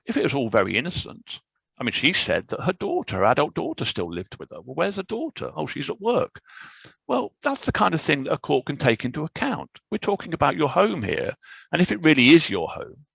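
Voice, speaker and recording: A man presenting a legal webinar as a barrister, speaking in a measured, explanatory way with frequent fillers, over a video call. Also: on the high side, wildly swooping pitch, gravelly, a bit bright, breathy edge, dry recording, poor audio. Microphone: video call microphone.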